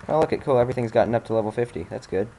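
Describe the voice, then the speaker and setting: A man's voice: mid-range voice, rapid-fire, vocal fry, warm tone, slight background noise. A young man commentating a video game he is playing, irritable and frustrated, grumbling and swearing as he plays. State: angry, frustrated. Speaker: let's play commentator. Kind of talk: casual gameplay commentary.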